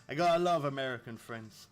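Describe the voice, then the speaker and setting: A man in his thirties from England, rambling casually to his viewers while streaming a fishing game. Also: medium pitch. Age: 30s. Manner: rambling, chatty, laughs often. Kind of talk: casual live-stream chat.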